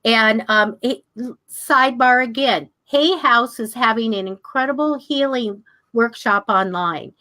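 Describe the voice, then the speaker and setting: Older woman telling animated stories. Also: a little slow. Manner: animated, acts out quoted people with sharp pitch jumps. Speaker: class teacher on manifesting. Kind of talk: casual storytelling to a class.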